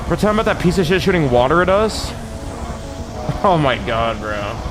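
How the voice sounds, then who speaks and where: A man's voice: a little high, sing-song, normal speed, music in the background. A man live streaming, chatting casually to his viewers in a rambling, profane way, laughing often.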